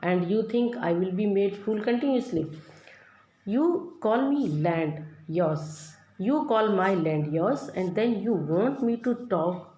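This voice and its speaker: A woman's voice: mid-range voice, expressive, takes it slowly, warm tone. A woman teacher going through a play line by line, reading each line and then paraphrasing it in plain words. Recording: echoey room with faint noise.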